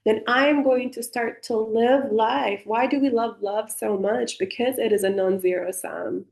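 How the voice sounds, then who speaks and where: A woman's voice: fairly high pitch, steady tone, normal speed, gravelly, few pauses, darkish tone. A woman leading a group coaching session over a video call, speaking playfully and encouragingly and often calling out to everybody. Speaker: somatic coaching instructor. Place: indoor room. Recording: roomy echo.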